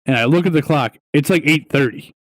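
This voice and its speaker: A young adult man co-hosting a podcast, telling stories in a casual, profane, animated way, full of "dude" and "right?". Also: fairly high pitch, brisk, no room sound. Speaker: podcast co-host. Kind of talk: casual storytelling chat.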